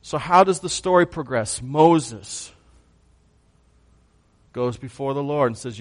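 A man preaching a sermon, who swings from hushed lines to loud bursts and puts questions to his congregation. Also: medium pitch, expressive, takes it slowly, pauses often. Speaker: pastor.

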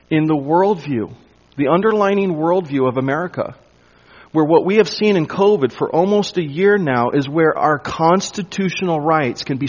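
Working verse by verse through scripture, this male preacher speaks with emphasis and softens to a hush when a point needs weight. His pitch runs a bit high, and the recording sounds muffled and lo-fi.

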